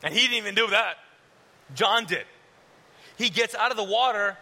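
A man preaching a sermon in a casual, conversational way, at times dropping to a soft, hushed tone. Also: high-pitched, moderate pace. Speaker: pastor. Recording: long hall reverb, faint hiss.

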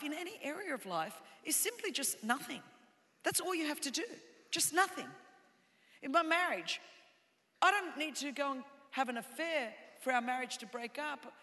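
Woman pastor, emphatic sermon delivery building to shouts, long hall reverb. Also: sits high. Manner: emphatic, rhythmic repetitions, rising to shouts. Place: large hall with live congregation.

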